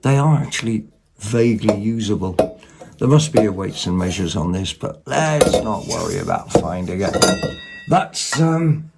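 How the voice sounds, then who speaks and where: A man's voice: on the low side, lively intonation, moderate pace, creaky, heavy background noise. A man giving a rambling, casual show-and-tell of second-hand finds at home, with lots of ums and asides. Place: home, at a table.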